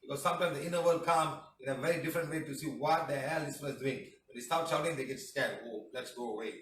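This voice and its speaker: A man teaching a healing class, blunt and emphatic, with loud bursts. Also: fairly high pitch, fairly even intonation, quick pace, slight background noise. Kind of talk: animated class talk. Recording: echoey hall, mic far off.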